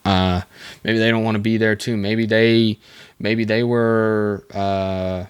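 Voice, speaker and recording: A man's voice: on the low side, little pitch movement, slow pace, smooth. A young man hosting a solo podcast, rambling and joking at his own expense, full of fillers and restarts. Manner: rambling, self-mocking, lots of fillers. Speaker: podcast host. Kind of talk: casual solo podcast monologue. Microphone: desk microphone.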